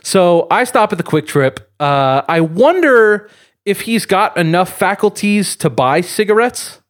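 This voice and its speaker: A man co-hosts a podcast, telling a long, rambling story with plenty of fillers and chuckles in a relaxed chat. He speaks a little slowly in a high-pitched, animated voice.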